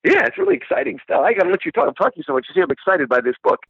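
A man's voice: sits high, wildly swooping pitch, very fast, gravelly, breathy edge, dry recording. An enthusiastic man, a guest discussing a book, talking animatedly and asking rhetorical questions, over a dull, dry lo-fi recording. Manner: enthusiastic, rhetorical, repeats "right?".

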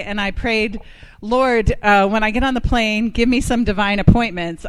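A woman from Ohio gives a faith talk with a smooth, clear voice at a middle pitch. She tells stories with a candid, self-deprecating honesty and leads a short, simple prayer. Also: a bit bright. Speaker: guest speaker.

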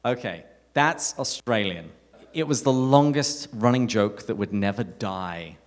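A man with an English accent giving a live talk to an audience, telling stories with animated, self-mocking humour. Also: lowish voice, unhurried. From England. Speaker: speaker at a parish talk night. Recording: echoey hall reverb.

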